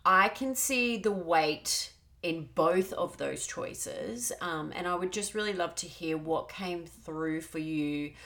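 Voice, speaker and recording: A woman hosting a podcast, asking gentle, careful interview questions. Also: fairly low pitch, slow pace. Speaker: podcast host.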